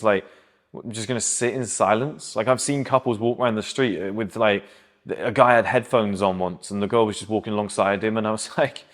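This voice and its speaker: A man's voice: lowish voice, steady tone, brisk. A man, giving blunt, emphatic dating advice in a casual, conversational monologue. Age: 30s.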